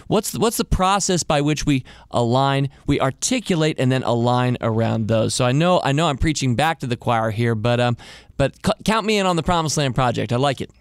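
A man's voice: medium pitch, lively intonation, fairly quick, clean tone, no room sound, studio quality. A man hosting a podcast interview, enthusiastic and often repeating his opening words. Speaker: podcast host. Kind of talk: conversational interview.

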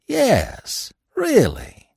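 A man's voice: very high voice, wildly swooping pitch, very slow, gravelly, a little mellow, husky, dry recording, studio quality, pitched above the performer's own voice, full character voice. A man voicing a sullen old trapper and whaler who talks in a folksy, blunt backwoods drawl.

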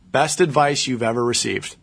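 A man's voice: medium pitch, gravelly, a bit bright, breathy edge. A man hosting a podcast, upbeat and enthusiastic, who also reads the sponsor spot. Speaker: podcast host.

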